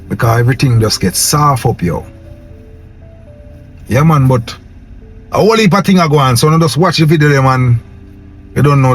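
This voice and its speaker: A young vlogger with a strong Jamaican Patois accent rants fervently and preachily straight to his viewers in a middling pitch. He repeats himself, ends his sentences with "yo," and also leans on "man," with soft music faintly behind him.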